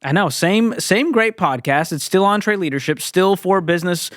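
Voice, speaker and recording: A man's voice: high-pitched, expressive, normal speed, a bit bright, dry recording, studio quality. A man hosting a business podcast, upbeat and complimentary as he wraps up an interview. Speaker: podcast host.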